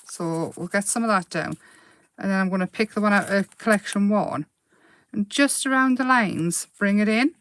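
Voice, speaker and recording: A woman hosting a casual live craft demo, chatty and quick to giggle as she paints. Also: mid-range voice, fairly bright tone, no echo.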